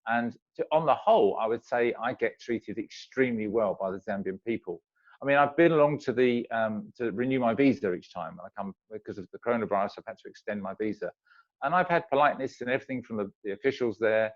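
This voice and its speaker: A man guesting on a video call from his home in Zambia chats casually and acts out small everyday exchanges. His voice is fairly low, animated, and quick, though the recording sounds muffled.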